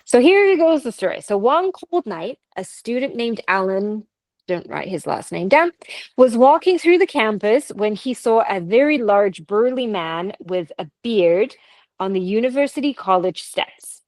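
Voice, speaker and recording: A woman's voice: mid-range voice, big pitch swings, measured pace, a little mellow, no echo, low-quality recording. A Canadian woman co-hosting a podcast, telling ghost stories in a casual, chatty way with laughs and asides. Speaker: podcast co-host. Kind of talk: casual chat, storytelling.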